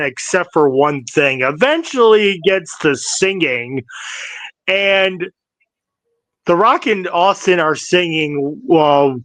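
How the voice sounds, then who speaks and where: A man co-hosting a podcast, recapping old wrestling shows in a halting, casual way with restarts. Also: a little high, fairly bright tone, no room sound. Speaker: podcast co-host.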